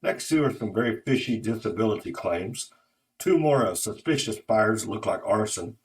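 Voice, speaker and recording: A man's voice: fairly low pitch, expressive, normal speed, lightly acted. A man voicing a loyal, upbeat woman office assistant, speaking in a reassuring way, in a spoken story.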